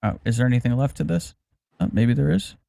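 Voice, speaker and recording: A man's voice: mid-range voice, fairly quick, vocal fry, mellow, no room sound. A male co-host in casual livestream chat who thinks aloud over a video call, with lots of fillers.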